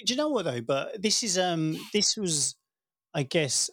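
A man's voice: sits high, unhurried, dry recording. A middle-aged man, a podcast host telling candid stories in casual chat. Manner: candid, animated storyteller.

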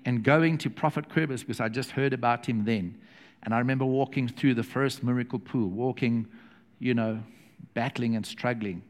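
Animated preacher in a reverberant hall. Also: male voice, medium pitch, moderate pace. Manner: animated preaching, acts out quotes. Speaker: pastor. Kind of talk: sermon. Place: church hall.

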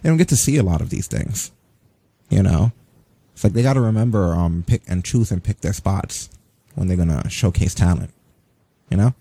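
Male podcast host, deep, gravelly, dark-toned, relaxed rambling chat. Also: moderate pace, long pauses, dry recording.

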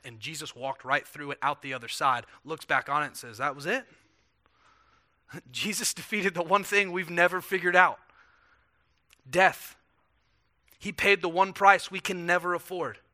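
A man's voice: fairly high pitch, pushed and bright. A pastor preaching a sermon in an earnest, conversational way, asking rhetorical questions and often repeating words as he restarts.

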